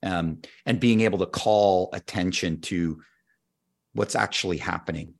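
Low-voiced man patiently explaining step by step. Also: a little slow, vocal fry. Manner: patient, methodical teacher who walks through steps. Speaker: guest expert on team skills. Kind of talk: explaining in conversation.

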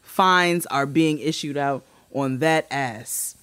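A woman co-hosting a podcast who tells a story in a casual, animated way, swearing freely and acting out quotes in a much higher voice. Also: slow, clear, resonant tone, no room sound. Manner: animated, swearing, acts out quotes with big pitch jumps. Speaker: podcast co-host.

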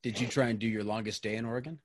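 A man hosting a podcast with a fairly low voice, recorded close and dry. He asks curious follow-up questions. He drops in self-deprecating asides. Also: steady tone, very fast, no room sound. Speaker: podcast host.

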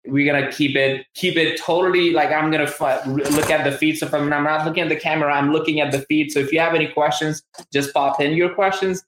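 A man's voice: a little high, fairly even intonation, quick pace, hardly any pauses, fairly bright tone, a little hiss or hum. Male livestream host, Southern US accent, upbeat and rambling, webcam audio in a roomy space. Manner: enthusiastic, rambling, many restarts. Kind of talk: live-streamed interview.

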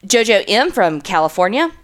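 A woman co-hosting a podcast in casual chat, talking in a chatty, animated way. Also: mid-range voice, moderate pace. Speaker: podcast co-host.

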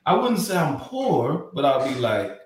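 A man's voice: big pitch swings, measured pace, a little hiss or hum. A man in his thirties co-hosting a podcast, chatting casually and playfully with teasing jokes. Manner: playful, teasing, big swoops of pitch for jokes. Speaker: podcast co-host. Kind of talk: casual chat. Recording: echoey room.

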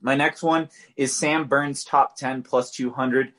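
A man's voice: medium pitch, steady tone, slow, a bit bright. A man co-hosting a podcast, giving golf betting picks in a loose, conversational way with fillers and restarts. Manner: conversational, loose, filler-heavy, self-correcting. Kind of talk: casual betting picks talk.

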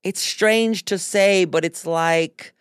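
A woman co-hosting a podcast, chatting casually with quick comic asides. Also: fairly low pitch, clear, resonant tone, dry recording, clean studio sound. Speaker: podcast co-host. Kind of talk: casual chat.

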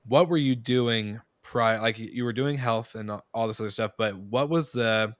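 A man's voice: mid-range voice, moderate pace, no room sound, studio quality. A man hosting a podcast, asking a rambling question with several restarts. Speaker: podcast host. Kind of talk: casual interview questions.

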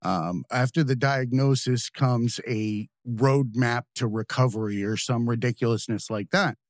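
A man's voice: mid-range voice, unhurried, dry recording, clean studio sound. A man hosting a podcast interview, summing up his guest's points in a thoughtful, reflective way. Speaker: podcast host.

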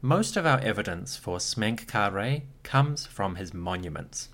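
Lively-voiced man narrating history. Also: fairly low pitch, a little slow, a little hiss or hum. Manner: lively storytelling with wry asides. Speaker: podcast host.

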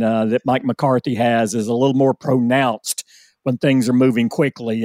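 A man talks through football strategy in a loose, explanatory podcast chat. He stumbles over fillers and doubles back on his words as he thinks. His voice is recorded close and dry, with no room sound, at a middle pitch. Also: a little mellow, dry recording. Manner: explanatory, halting with frequent fillers and repeated words. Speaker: sports journalist panelist. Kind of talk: casual podcast discussion.

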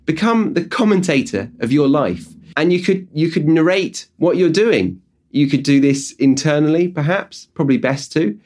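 Lively British man teaching English. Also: fairly high pitch, moderate pace. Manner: lively, jokey explaining. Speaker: podcast host and English teacher. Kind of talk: podcast lesson talk.

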